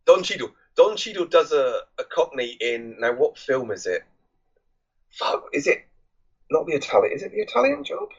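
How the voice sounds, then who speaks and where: A man with a husky, slightly breathy voice rambles through a casual film chat, often stopping to search for names and dropping casual swears. His audio sounds dull and muffled, as if it came over a lo-fi remote link. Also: fairly high pitch, very animated, moderate pace. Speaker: podcast co-host. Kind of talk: casual movie review chat.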